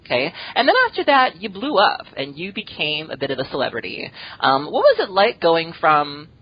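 A woman hosting an interview podcast, affirming her guest and asking long, drawn-out questions. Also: sits low, sing-song, breathy edge, muffled recording. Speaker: podcast host.

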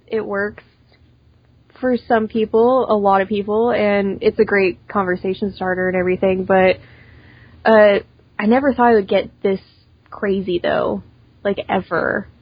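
A young woman chats through an interview in a quick, rambling way, peppering her talk with "like" and restarting her sentences. The room is dry and close, and the sound is a little dull and lo-fi. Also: medium pitch, steady tone, slightly rough, dry recording. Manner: chatty, quick, full of "like" and restarts. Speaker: cosplayer guest. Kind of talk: casual interview chat.

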